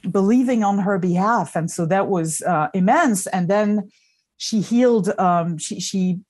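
A woman's voice: mid-range voice, unhurried, a little mellow. A middle-aged woman in casual conversation as a guest, telling an emotional personal story with candor and dry humor. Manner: candid, emotional, storytelling with self-deprecating humor.

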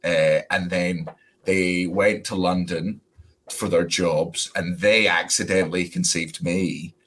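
Scottish comic, 30s, low-pitched, lively and profane, telling stories as a podcast guest. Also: male voice, takes it slowly. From Scotland. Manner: animated, jokey, swears freely. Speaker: comedian guest. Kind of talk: casual podcast chat.

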